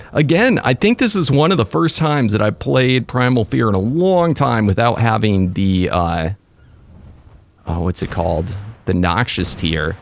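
A young man commentating his own gameplay, excitable and quick to break into frustrated outbursts. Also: mid-range voice, vocal fry. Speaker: let's play gamer.

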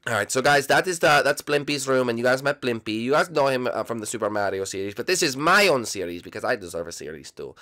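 A man's voice: medium pitch, animated, quick pace, hardly any pauses, sharp tone. A man doing a chatty cartoon plumber. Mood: upbeat. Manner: casual, rambling, with fillers. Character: cheerful male cartoon plumber giving a house tour. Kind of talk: Minecraft fan role-play video.

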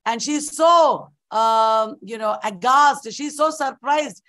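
Animated woman lecturer retelling an epic. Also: fairly high pitch, slow pace, few pauses. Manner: animated storytelling, repeats key points. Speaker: literature lecturer. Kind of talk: online class lecture.

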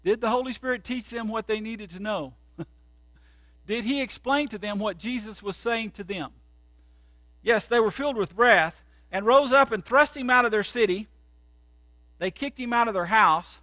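Very high-voiced preacher man, forceful and bright. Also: moderate pace, pauses often, no room sound. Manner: dramatic storytelling, swinging from loud outbursts to hushed tones. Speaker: pastor. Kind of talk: sermon.

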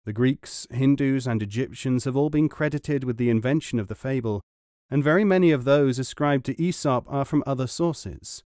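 A man with a mid-range voice reads scripted narration from a world-tales book, telling the stories in a measured, even way like an audiobook reader. The sound is clean, dry studio audio.

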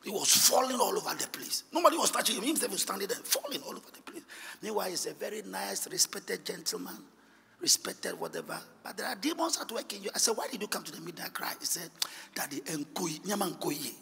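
A high-pitched, gravelly male pastor, preaching a sermon that moves between hushed asides and shouted, sing-song passages. His tone is bright and cutting, and his voice rings through a large church hall with a long reverb. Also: very animated, a little fast.

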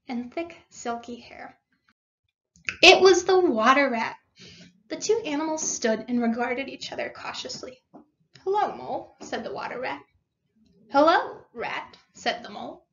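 High-voiced woman teacher reading aloud. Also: measured pace, a bit bright, dull audio. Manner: reads a story aloud and stops to explain words. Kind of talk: read-aloud lesson.

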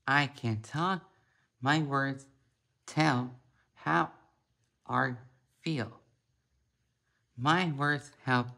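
A man reading a children's picture book aloud, slowly and haltingly, a few words at a time. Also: mid-range voice, creaky, pushed and bright. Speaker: storybook reader.

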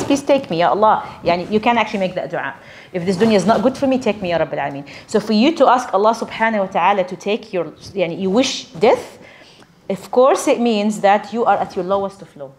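Animated Australian woman preaching. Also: on the high side, slight background noise. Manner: conversational, animated, asks the audience questions. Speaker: religious teacher. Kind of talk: sermon to women's gathering.

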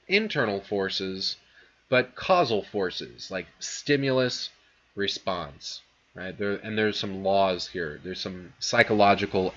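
A man's voice: on the low side, a bit bright, dull audio. A young man giving a casual philosophy lecture in a classroom, chatty, with many fillers and restarts.

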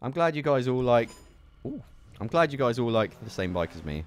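A young man giving excitable gameplay commentary as a gaming video host, swearing and laughing at his mishaps. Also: mid-range voice, a little fast. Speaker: gaming YouTuber.

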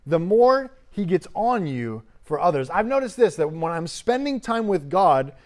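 A man's voice: high voice, big pitch swings, normal speed, darkish tone. Emphatic young male preacher. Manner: emphatic preaching with rising bursts. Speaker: youth pastor. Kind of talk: sermon.

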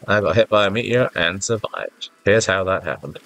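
A gaming YouTuber rambles through casual gameplay commentary, poking fun at himself and getting flustered easily, while faint game music plays in the background. His voice sits on the low side and sounds congested and stuffy-nosed, creaky yet fairly bright. He speaks a little slowly and expressively.

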